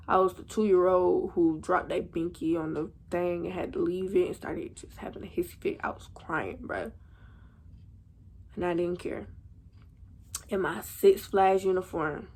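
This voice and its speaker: A woman's voice: fairly low pitch, a little mellow. A young woman, telling a storytime vlog to her viewers in a slangy, chatty way. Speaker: vlogger.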